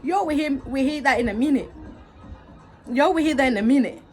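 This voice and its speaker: A woman's voice: high voice, brisk, soft background music. A young woman vlogging a storytime, talking straight to her viewers, repeating herself and swinging between angry outbursts and laughter. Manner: animated, repetitive, talks straight to viewers. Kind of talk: casual storytime vent.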